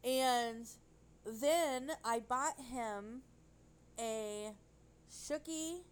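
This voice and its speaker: A woman telling a rambling, animated story in casual chat. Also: a little high, extremely slow, slight background noise, poor audio.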